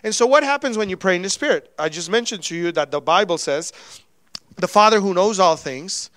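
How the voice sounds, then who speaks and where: High-voiced, casual preaching man. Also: animated, fairly quick, dry recording. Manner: conversational preaching with sudden loud and soft swings. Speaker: pastor. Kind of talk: sermon.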